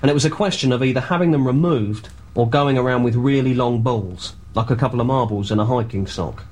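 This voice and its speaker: A man playing a pompous, self-important male horror writer, speaking in a grandiose, deadpan scripted comedy monologue. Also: mid-range voice, a little fast, natural voice.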